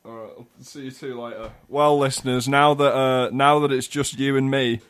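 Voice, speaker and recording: A man's voice: medium pitch, steady tone, normal speed, clear, resonant tone. A man co-hosting a casual comedy chat with a dry, wry delivery. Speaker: podcast host.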